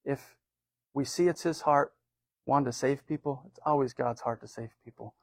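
A man's voice: medium pitch, normal speed, no room sound. A man from the United States giving an informal sermon in a loose, rambling way, with many fillers and restarts. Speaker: preacher.

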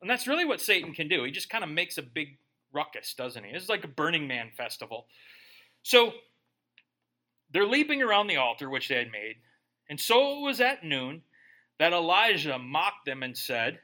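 A male pastor in his thirties delivering a sermon with a high, bright voice. He talks to the congregation in a chatty, joking way. He keeps tossing in rhetorical questions like "right?". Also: sing-song, normal speed.

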